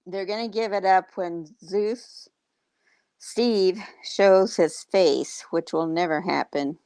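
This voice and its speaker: A woman hosts a casual livestream and chats with her viewers. She talks in an unhurried, teasing, rambling way, with lots of fillers. Her voice is smooth and clear, recorded dry and close. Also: on the low side, dark tone, dry recording. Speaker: livestream host.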